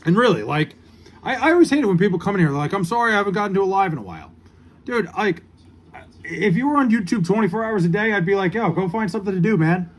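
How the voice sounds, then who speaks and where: A male streamer with a fairly high voice chats casually on his live stream, reading viewer comments aloud. He answers with loose, joking banter, cursing freely and poking fun at himself. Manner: joking, profane, self-mocking banter with viewers. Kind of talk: casual livestream chat.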